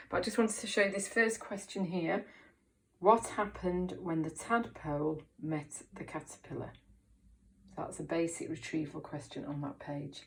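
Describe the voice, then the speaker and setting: Brief: primary teacher, woman, lowish voice, clear step-by-step encouragement. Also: slight background noise. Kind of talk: recorded reading lesson for children.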